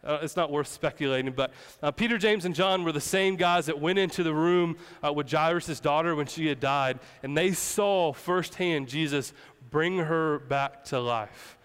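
A man's voice: fairly high pitch, normal speed, fairly bright tone, clear, resonant tone, big-room sound. A man preaching a sermon as pastor, in a casual, conversational way with playful asides.

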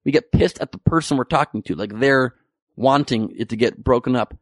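A man's voice: mid-range voice, brisk, dry recording, studio quality. A man delivering a sarcastic, profane topical comedy monologue with rambling asides.

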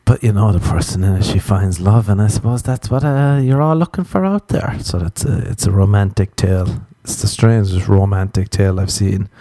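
Crude, rambling man with a low voice. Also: dark tone, no room sound. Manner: crude, rambling, swears constantly; self-mocking, drifts into quick asides. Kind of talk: casual comedic monologue.

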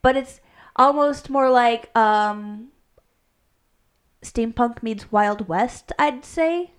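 A woman's voice: a little high, very slow, clean tone. Chatty woman rambling with many restarts. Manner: rambling, self-correcting, laughs often. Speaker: podcast co-host, game master. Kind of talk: casual chat.

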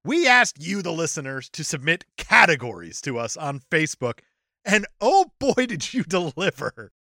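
Male podcast host, bright tense voice, lively pitch, joking, dry sound. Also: normal speed, no room sound. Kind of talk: casual chat.

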